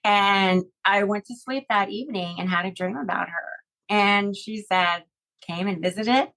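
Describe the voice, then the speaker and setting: A woman's voice: medium pitch, a little slow, vocal fry, a bit bright, rough recording. A middle-aged woman telling a personal story in a podcast interview, heartfelt and rambling, with many fillers and restarts. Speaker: guest.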